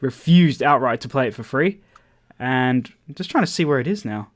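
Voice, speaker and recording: A man co-hosting a casual podcast chat, excitable, swearing often and restarting his sentences. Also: mid-range voice, moderate pace, dry recording, clean studio sound. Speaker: podcast co-host.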